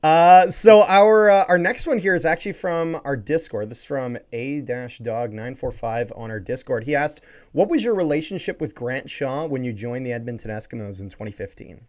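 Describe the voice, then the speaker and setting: A man's voice: medium pitch, normal speed, few pauses, a little mellow. A man hosting a casual podcast interview, laughing easily and reading out listener questions. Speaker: podcast host.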